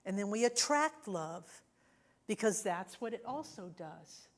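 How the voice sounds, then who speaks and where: A woman's voice: medium pitch, animated, unhurried. A woman minister giving a sermon in a conversational way, often checking in with the congregation. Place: church sanctuary.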